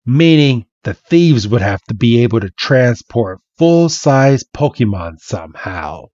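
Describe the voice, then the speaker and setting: Man, podcast host, casual comic recap, unhurried, lively pitch, dry, muffled. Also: dry recording. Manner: amused, relaxed storytelling with many "and he's like".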